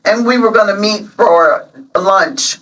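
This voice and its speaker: A woman in her seventies, guest on an interview, telling stories warmly and emotionally with many pauses. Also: mid-range voice, far from the mic, poor audio. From Illinois, USA. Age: 70s. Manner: emotional, storytelling, many ums. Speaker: interview guest, local alderman. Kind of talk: casual interview chat.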